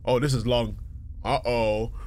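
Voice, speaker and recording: A young man commentating a horror game playthrough, reacting excitably and reading the on-screen text aloud. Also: medium pitch, measured pace. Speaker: gaming youtuber.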